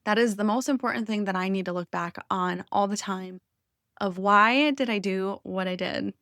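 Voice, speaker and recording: A woman's voice: mid-range voice, normal speed, fairly bright tone, dry recording. A woman in her thirties hosting an unscripted personal podcast, talking in an open, heartfelt and rambling way, close to tears. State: emotional, near tears. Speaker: podcast host.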